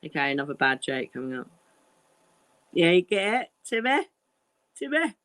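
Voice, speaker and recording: A woman's voice: fairly low pitch, big pitch swings, moderate pace, fairly bright tone. A woman chatting casually on a livestream, filling time with bad jokes, giggly and sweary with lots of fillers. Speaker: stand-in co-host.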